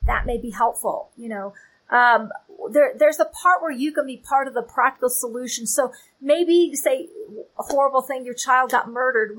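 At a normal speed, this woman's fairly bright, high-sitting voice carries an earnest, candid faith teaching. The Christian author and teacher keeps asking "okay?" and saying "you know" to her listeners. The audio is poor.

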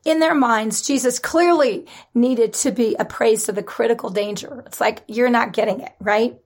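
A woman preaching a sermon in an animated, conversational way, with dramatic emphasis and laughter. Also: a little high, normal speed.

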